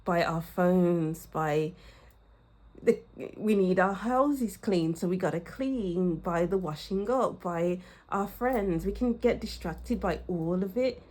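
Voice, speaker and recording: Slow, breathy woman musing over tarot. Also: fairly low pitch, darkish tone. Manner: slow, musing, searches for words, laughs often. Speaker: tarot reader. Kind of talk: casual tarot reading, speaking to viewers.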